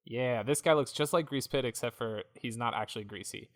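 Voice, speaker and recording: A man's voice: mid-range voice, brisk. A man co-hosting a podcast, rambling through a jokey episode recap, tired from being up early. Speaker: podcast co-host. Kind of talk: casual chat.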